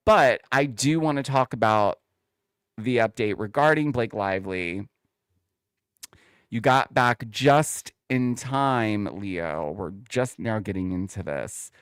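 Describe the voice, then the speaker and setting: A man's voice: medium pitch, lively intonation, slow, fairly bright tone, clean tone, no room sound, clean studio sound. A man hosting a casual reality TV recap, chatty and opinionated, talking straight to his viewers. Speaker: host.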